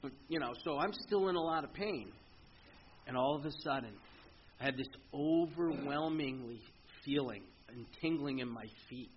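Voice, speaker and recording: A middle-aged man speaking earnestly at a recovery meeting, telling his story in a halting way with frequent restarts. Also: mid-range voice, slight background noise. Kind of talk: personal recovery testimony. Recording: muffled lo-fi meeting recording with faint ambience.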